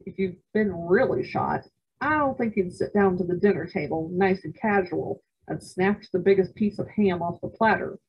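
Breathy woman reading aloud. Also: lowish voice, normal speed, highs cut off. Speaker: library storyteller.

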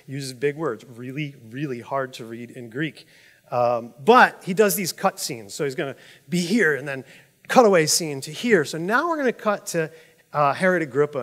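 A man preaching a sermon as pastor, telling stories in a lively, conversational way with frequent asides to the congregation. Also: a little high, in a large hall. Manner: animated storytelling, chuckles at own jokes.

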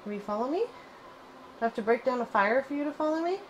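A woman hosting casual gameplay commentary, chatty and excitable, cooing fondly at her in-game pet. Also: high-pitched, very fast, highs cut off, slight background noise. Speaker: gaming channel host.

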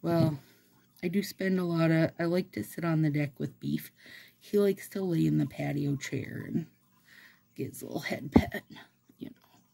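A woman vlogger rambles and chats casually while doing her nails, laughing often. Her voice sits low and creaky with a dark tone, moving at a moderate pace broken by long pauses.

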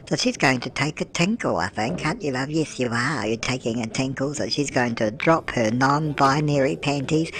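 A man doing a fussing old nanna who narrates a life-sim game. Every line ends in love, dear or darling, and she chats on with cosy tag questions. The voice sits at a middling pitch. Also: normal speed, hardly any pauses, a bit bright. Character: doting old grandmother narrator. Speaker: gameplay channel host. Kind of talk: gameplay commentary in a doting granny persona.

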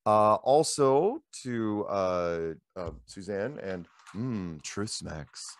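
A middle-aged man hosting a show, telling rambling anecdotes in a casual, animated way into a handheld microphone. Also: deep voice, slow pace, hardly any pauses. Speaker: show host. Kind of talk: casual storytelling chat.

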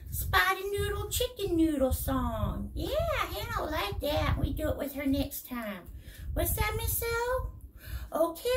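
A woman croons nursery rhymes in a playful, sing-song baby-talk voice, her pitch rising and falling in lively swoops. She talks slowly and sounds a little away from the microphone. Steady noise runs under the home recording. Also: far from the mic. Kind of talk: singing and playing to a baby.

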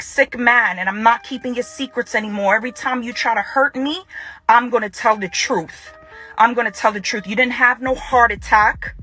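A woman addresses the camera in a bright, forceful tone with a husky edge. She speaks to her former partner in confrontation and hammers her points home by saying them twice. Faint music plays underneath. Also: a little high. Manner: confrontational, repeats her phrases.

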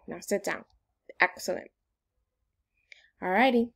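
A woman's voice: mid-range voice, animated, measured pace, long pauses. Upbeat sing-song woman teaching phonics. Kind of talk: remote phonics lesson for young children.

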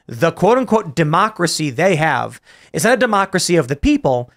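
Podcast host guy, kinda high voice, lively arguing, tells little stories. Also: fairly quick. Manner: animated, argumentative storytelling with restarts. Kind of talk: casual panel debate.

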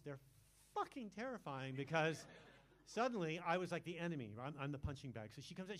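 Brash sixty-year-old stand-up comedian, fairly high. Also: male voice. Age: 60s. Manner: brash, crude, self-mocking, with quick asides to the crowd. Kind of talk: live stand-up comedy set. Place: comedy club stage.

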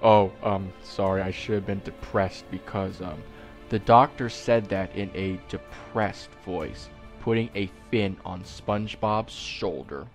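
A man reading a creepy fan story aloud, slowly, breaking off for joking asides and corrections. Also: low voice, soft background music. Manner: slow, with asides and self-corrections. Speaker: creepypasta reader.

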